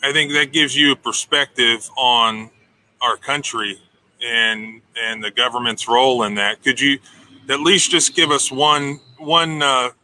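Halting man with a very bright voice. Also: mid-range voice, steady tone, low-quality recording. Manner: halting, searching for words with many fillers. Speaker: interviewer. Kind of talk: casual interview questions.

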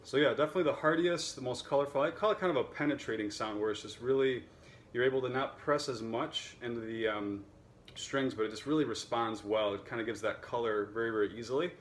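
A man who teaches and sells violins, talking casually to camera in a relaxed, chatty way with plenty of fillers. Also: medium pitch, fast talker. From United States.

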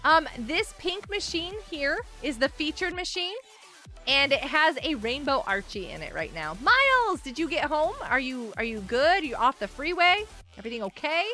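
A woman's voice: high-pitched, big pitch swings, normal speed, pushed and bright, soft background music. A woman live streaming and chatting with her viewers in a bubbly, giggly way while nursing a headache. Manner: bubbly, giggly, talks to chat. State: has a headache.

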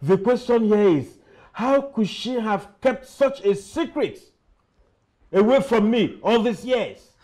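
A man's voice: high voice, animated, slow pace, mellow. An actor with a Nigerian English accent playing a betrayed husband who confronts his wife with accusations. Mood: accusing. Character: betrayed, angry husband demanding answers. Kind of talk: film drama acting.

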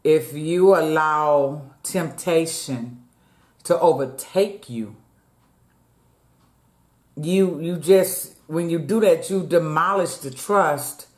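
A woman's voice: deep voice, takes it slowly, a little mellow. Chatty woman eating on camera, echoey room. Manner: chatty, talks straight to viewers as "y'all", eats between words. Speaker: mukbang vlogger. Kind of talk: casual chat while eating. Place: at home.

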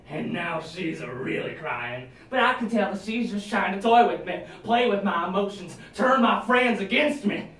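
A young man with a slightly high voice gives a dark dramatic monologue at a speech competition. He drops into hushed, low menace and then bursts into loud shouts. The sound is echoey and comes from well away from the mic. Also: a little slow, hardly any pauses. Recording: echoey room, mic at a distance.

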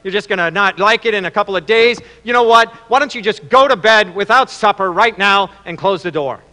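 A man's voice: sits high, brisk, in a large hall. A man voicing a tired, short-tempered working father in a sermon story. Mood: scolding. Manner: gruff, then softly apologetic.

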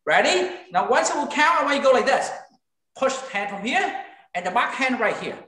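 A man's voice: extremely high pitch, very animated, a little fast, pushed and bright. A man teaching an online kids' kung fu class, giving short drill commands and counting reps aloud in a training studio. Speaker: martial arts instructor. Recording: very echoey room, voice far from mic.

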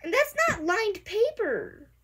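A young woman giving casual, sarcastic commentary on a clip, hyper and excitable, slipping into mocking impressions. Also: very high-pitched, takes it slowly, slight background noise. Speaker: reaction video creator.

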